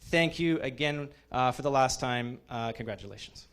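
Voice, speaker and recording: A man in his thirties giving an informal graduation speech as program head, halting with many fillers and restarts, openly emotional toward his students. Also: medium pitch, a bit bright, clear, resonant tone.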